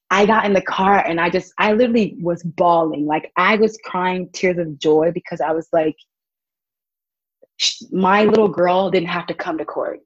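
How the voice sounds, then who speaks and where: A young woman tells lively stories in a casual interview, acting out every quote. Her voice is husky and a little low. The recording is dry and slightly dull. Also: dry recording. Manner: animated, acts out quotes with laughs. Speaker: guest, volunteer child advocate.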